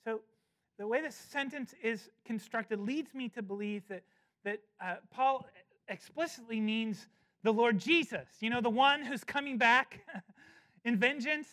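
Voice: medium pitch, a bit bright. Emphatic preacher, stretching key words. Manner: emphatic, slowing down to stress key phrases; often repeats words while restarting. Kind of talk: expository sermon.

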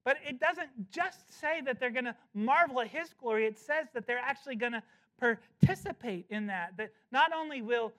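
A preacher working through a text in a sermon, voice at a middling pitch. The delivery is emphatic, slowing down to press key phrases and often repeating a word before going on. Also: lively intonation, pushed and bright. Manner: often repeats words while restarting. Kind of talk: expository sermon.

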